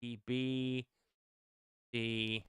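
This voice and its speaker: A man streaming retro games live, reacting loudly with yelps, groans and frequent laughter as he plays. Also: medium pitch, extremely slow, clean tone, no room sound. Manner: excitable, yelps and groans at the game, laughs often. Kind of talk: excitable live gameplay commentary.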